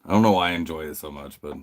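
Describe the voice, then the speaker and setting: A man from the United States with a very deep voice chats casually on his livestream. He keeps it loose and profane, often giggling as he answers viewers. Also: fairly bright tone. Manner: laid-back, profane, giggly, reads chat aloud. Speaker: livestream host.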